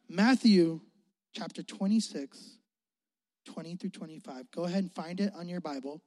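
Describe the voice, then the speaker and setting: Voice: mid-range voice, normal speed, darkish tone. A youth pastor preaching with a casual, joking manner, calling for responses from the crowd and laughing often. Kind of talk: energetic sermon. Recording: long hall reverb.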